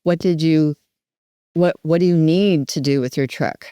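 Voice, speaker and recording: A woman dementia care educator teaching in an animated, emphatic way, with role-play demonstrations. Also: low voice, a little slow, clean tone, no room sound, clean studio sound.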